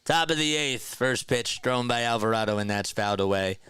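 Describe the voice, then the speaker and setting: Bright, crisp-voiced young man calling baseball. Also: fairly quick, no room sound. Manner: rises sharply in pitch and volume on big plays, calm and low when reading chat. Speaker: play-by-play host of an online stream. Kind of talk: live play-by-play commentary with viewer chat.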